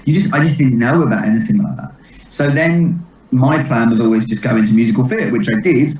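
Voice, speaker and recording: A man, a comedian telling rambling stories in a relaxed interview, quick to laugh. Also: mid-range voice. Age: 30s. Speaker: comedian and impressionist guest. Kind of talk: casual interview chat. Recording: echoey distant mic.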